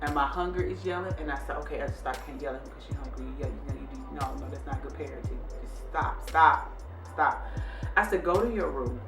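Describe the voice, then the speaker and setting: A woman's voice: low voice, fairly quick. A woman hosting a casual vlog, telling viewers a story and acting out how she scolded her son. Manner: animated, scolding retelling. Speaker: vlog host. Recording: echoey room, distant mic, faint music.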